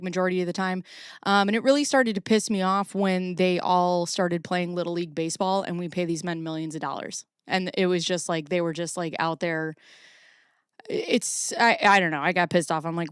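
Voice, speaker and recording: Woman streamer in her forties, casual rambling chat, smooth clear voice, dry close sound. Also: lowish voice, no room sound. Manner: rambling, chatty, self-deprecating. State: a little out of breath. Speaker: streamer host.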